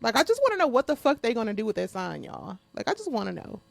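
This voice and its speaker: A woman's voice: on the high side, huge pitch swings, fast talker, creaky, no room sound. A woman hosting her podcast in a casual monologue. She talks bluntly with lots of profanity, speaks straight to her listeners and often laughs while venting. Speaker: podcast host.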